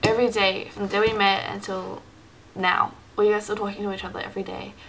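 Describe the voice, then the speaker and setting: A woman's voice: mid-range voice, level tone, quick pace, vocal fry, a bit bright, a little hiss or hum, low-quality recording. A woman vlogging casually into her camera, rambling with many fillers and acting out remembered conversations. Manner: rambling, many fillers, acts out quoted dialogue. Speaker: Christian vlogger. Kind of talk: casual personal vlog.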